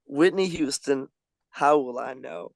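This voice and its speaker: A man's voice: mid-range voice, measured pace, creaky, a little hiss or hum. A man co-hosting a casual podcast, upbeat and gushing with enthusiasm. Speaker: podcast co-host.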